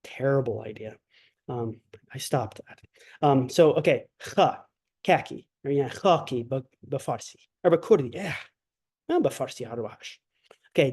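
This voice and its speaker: A man's voice: on the high side, darkish tone. A man teaching an online language lecture, chatty and digressive, with many fillers, who acts out sounds to show them. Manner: demonstrates sounds by exaggerated voicing. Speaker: language instructor.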